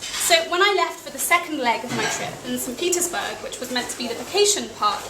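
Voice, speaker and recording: High-voiced British woman telling travel tales. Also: lively intonation, a little fast. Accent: British English. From England. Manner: wry, self-deprecating, with small laughs. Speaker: storyteller at a live event. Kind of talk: personal travel story told to an audience. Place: cafe event room. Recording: echoey cafe with noisy ambience.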